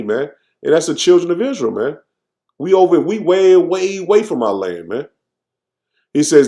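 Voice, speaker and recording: A man giving an informal, fervent sermon, reading verses slowly and then commenting, tagging "man" onto nearly every phrase. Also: on the high side, very animated, creaky, dark tone. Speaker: scripture teacher. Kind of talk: informal preaching with scripture reading.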